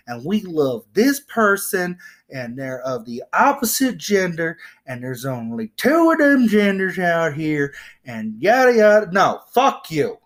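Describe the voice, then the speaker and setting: A man's voice: on the high side, very animated, a little slow, fairly bright tone. A young man co-hosting a podcast, chatting casually, joking and rambling with free swearing. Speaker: podcast co-host. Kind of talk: casual chat.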